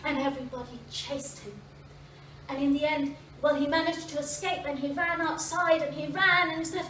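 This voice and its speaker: A woman storyteller performing a fairy tale live in a library, expressive, with dramatic pauses and voiced sound effects. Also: sits high, slight background noise. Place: library event space, indoors. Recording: echoey room from a distance.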